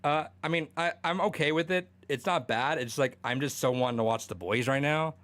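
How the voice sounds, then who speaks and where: A man's voice: on the high side, brisk, fairly bright tone. Rambling young man in casual podcast chat. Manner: rambling, swears, many fillers and restarts. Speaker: podcast co-host.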